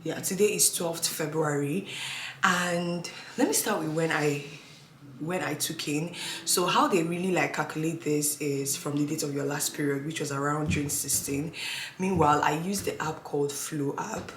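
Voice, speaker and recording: A young woman, heavily pregnant, chatting casually to camera as a vlogger, lively and at times sinking into tired near-whispers. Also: deep voice, moderate pace. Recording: echoey room with audible noise.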